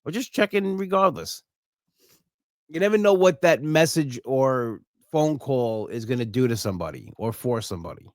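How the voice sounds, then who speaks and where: Middle-aged male podcast host, sincere and personal, halting restarts, dry close-miked sound. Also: medium pitch, lively intonation, dry recording. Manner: earnest, heartfelt, frequent restarts and "you know". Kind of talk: solo podcast monologue.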